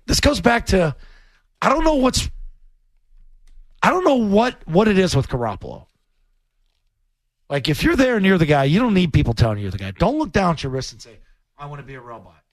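A man co-hosting sports radio talk as a former quarterback, blunt and animated, swearing casually. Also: high voice, a little fast, long pauses, dry recording.

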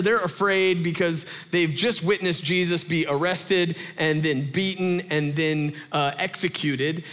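A man in his thirties, a pastor giving a sermon in a chatty, animated storytelling way. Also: on the high side, long reverb tail. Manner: animated, conversational storytelling with lots of fillers.

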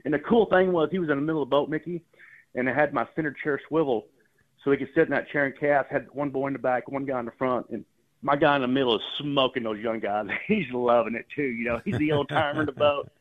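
A man talks quickly over a narrow, tinny phone line, his voice sitting at a mid pitch. He is a fishing guide calling into a radio show, and his stories ramble along with repeated words and easy chuckles. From Texas Gulf Coast. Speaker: fishing guide and guest caller. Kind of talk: casual phone-in storytelling.

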